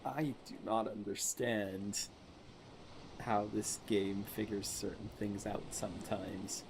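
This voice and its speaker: Slow, gravelly-voiced man muttering gameplay. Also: fairly low pitch, fairly even intonation, noisy background. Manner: mutters game text half to himself, bursts into baffled exclamations. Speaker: gameplay streamer. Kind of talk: casual let's-play commentary.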